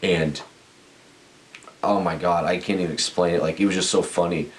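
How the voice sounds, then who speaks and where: Low-voiced young man telling a rambling story. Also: steady tone, moderate pace. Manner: rambling, laughing storyteller with many restarts. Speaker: podcast co-host. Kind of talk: casual storytelling chat. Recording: faint hiss.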